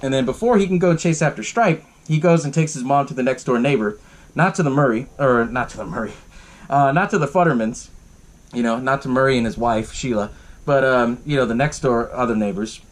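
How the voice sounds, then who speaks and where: In a casual podcast movie recap, a man swears freely, laughs along and fills his talk with fillers. His voice is mid-range and his delivery brisk.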